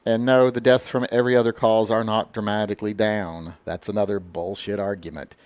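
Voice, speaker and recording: A man's voice: lowish voice, little pitch movement, fairly quick, darkish tone, smooth, no room sound. A man hosting a casual livestream chat, answering viewer comments in a blunt, opinionated, lecturing way. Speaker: livestream host.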